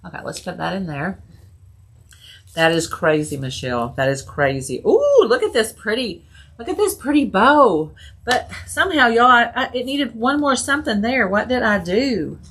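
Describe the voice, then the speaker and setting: A woman's voice: fairly high pitch, sing-song, moderate pace, a bit bright, breathy edge. A woman hosting a casual crafting video, chatting and giggling with her viewers as she works. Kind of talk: casual live crafting chat.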